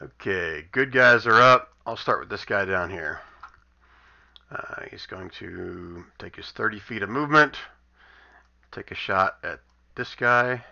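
A man's voice: on the low side, animated, unhurried, vocal fry, bright, forceful tone. A man running a tabletop game online as game master, wry and amused as he narrates the monsters' turns. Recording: dull lo-fi voice chat audio.

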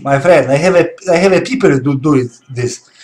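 A man's voice: on the high side, brisk, darkish tone. A man gaming and trash-talking his opponent in broken English, laughing and teasing. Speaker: pro gamer streaming a match. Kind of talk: trash-talking banter during play.

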